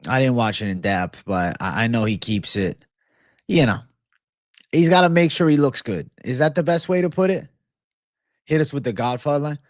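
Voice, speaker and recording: A man's voice: medium pitch, lively intonation, moderate pace, pauses often, no echo. Guy running a livestream, reads chat, swears a lot, laid-back, dry close sound. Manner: blunt, profane, laid-back. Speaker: livestream host. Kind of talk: casual livestream chat, reading viewer comments.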